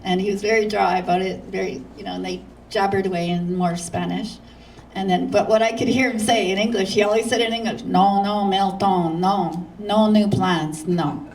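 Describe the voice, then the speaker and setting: A woman's voice: mid-range voice, fairly quick, gravelly, a little hiss or hum. Canadian woman telling a funny story at church, does everyone's voices, laughs a lot, mic kinda far. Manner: lively anecdotes, acting out others' lines, frequent laughter. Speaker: guest speaker.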